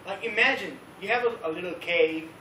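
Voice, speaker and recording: High-voiced man teaching a youth group. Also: brisk. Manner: animated storytelling, acting out crowd voices. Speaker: youth leader. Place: church youth service room. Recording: roomy, distant recording with faint background noise.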